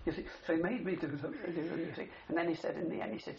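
In a dull older recording with faint hiss, an older war veteran rambles through a long wartime story in an interview, tagging his sentences with "you see." His voice is fairly high, gravelly and a little mellow, and he talks fast with fairly even intonation. It's an oral history reminiscence.

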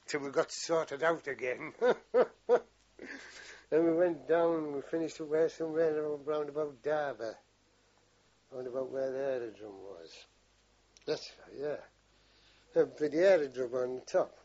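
A man's voice: medium pitch, a little mellow, lo-fi sound. An older man, telling war stories in a rambling, salty way in an oral history interview. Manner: rambling, salty storytelling with frequent swearing. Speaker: veteran interviewee.

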